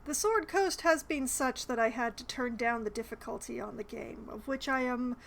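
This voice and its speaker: A woman's voice: on the high side, moderate pace, creaky, a bit bright. A woman casually commenting while she plays a game, chatty and a bit hesitant, poking fun at herself. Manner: chatty, hesitant, self-deprecating. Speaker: streamer playing a game.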